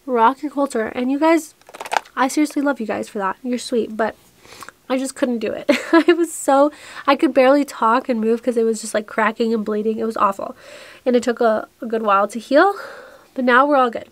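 A woman's voice: on the high side, a little fast, dry recording. A young woman vlogging in a chatty, rambling way, a little out of breath, talking to her camera in a cluttered room. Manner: rambling, breathless, restarts often. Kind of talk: chatty get-ready-with-me vlog. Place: small cluttered room indoors.

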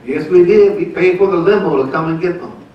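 A man's voice: high voice, a little fast, muffled recording. A man in his seventies, a pastor telling a folksy, laughing story about his marriage during a church service. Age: 70s. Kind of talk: church testimony and announcements. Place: church sanctuary. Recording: echoey church room from far off.

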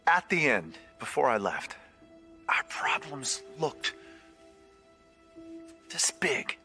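A tender husband, soft and slow. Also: male voice, mid-range voice, sing-song, full character voice. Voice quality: soft, hushed and halting. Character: grown man softly telling his wife he loves her. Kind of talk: TV drama dialogue. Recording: TV clip with music under it.

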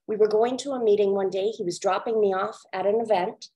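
Woman, from India, earnest storyteller, measured delivery, webinar talk. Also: mid-range voice, steady tone, mellow, low-quality recording. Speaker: webinar speaker.

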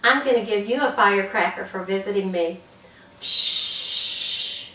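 A woman's voice: mid-range voice, fast, roomy sound, distant mic, very noisy. A woman demonstrating classroom cheers for teachers, bouncy, with whoops and sound effects. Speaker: early childhood teacher trainer.

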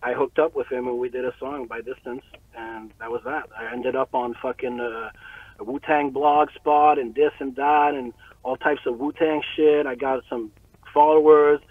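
A man guest telling a story in a casual interview, excitable, swearing and acting out quotes. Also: medium pitch, normal speed, no echo. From Canada. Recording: tinny phone-like line.

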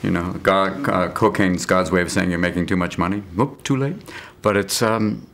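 A man being interviewed as a comedian guest, talking in an animated, riffing way. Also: low voice, vocal fry. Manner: animated, riffing, slips into quick impressions. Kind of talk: interview chat.

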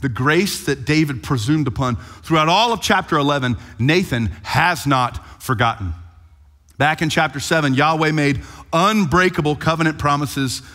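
A male pastor delivers an animated sermon with playful storytelling. His voice sits on the higher side. A long hall reverb trails each phrase. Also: normal speed.

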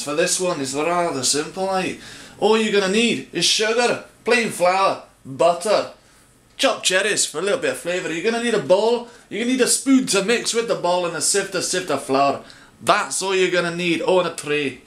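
A man puts on a hammy Scottish accent over his Bristol one and pitches his voice a little high. He plays it for laughs and teases himself as he walks through a home recipe. The room is echoey around him. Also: a bit bright. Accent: put-on Scottish accent over a Bristol accent. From Bristol, England. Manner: playful, self-mocking, hamming up the accent. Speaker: home cook presenting a recipe. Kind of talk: jokey cooking tutorial. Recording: roomy echo.

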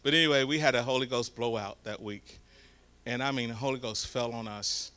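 A man preaching a storytelling sermon, swinging from hushed asides to loud shouts. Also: medium pitch, steady tone, a little fast, clean tone. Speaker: guest preacher. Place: church sanctuary.

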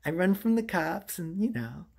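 A man's voice: high-pitched, expressive, moderate pace, creaky, breathy edge. A man hosting an improvised comedy cooking skit as a homeless cook, rambling, interrupting himself and swearing. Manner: rambling, self-interrupting, profane.

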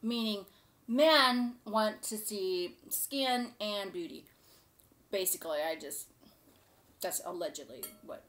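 A woman's voice: medium pitch, animated, takes it slowly, a bit bright. A woman hosting a casual cooking show, chatting to camera in a gushing, rambling way.

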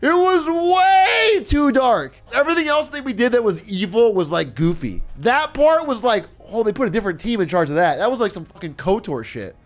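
A man streamer telling a story in casual chat, animated, laughing often and swearing freely. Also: very high voice, moderate pace, hardly any pauses.

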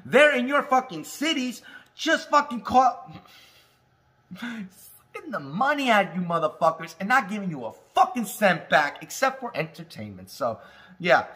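A man from Alaska ranting casually on his cannabis vlog, swearing constantly and shouting when he gets heated. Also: high voice, sing-song, moderate pace. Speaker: cannabis vlogger. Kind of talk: casual profane rant. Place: home, indoors.

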